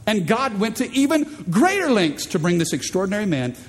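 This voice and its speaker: A man preaching a sermon as pastor, animated and playful, acting out voices in the stories he tells. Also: brisk, in a large hall. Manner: animated, acts out quoted voices in high pitch.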